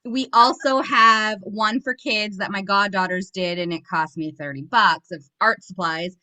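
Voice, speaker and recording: A woman's voice: medium pitch, fairly even intonation, unhurried, sharp tone, poor audio. A Canadian woman chatting on a group call, telling folksy stories and tips. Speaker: team member sharing tips.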